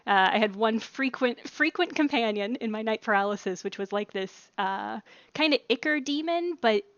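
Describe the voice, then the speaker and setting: A woman's voice: fairly high pitch, lively intonation, fairly bright tone, no room sound, muffled recording. Chatty woman hosting a game stream. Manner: chatty, upbeat, quick to laugh. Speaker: stream host. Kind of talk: casual group chat on a game stream. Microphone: headset over voice chat.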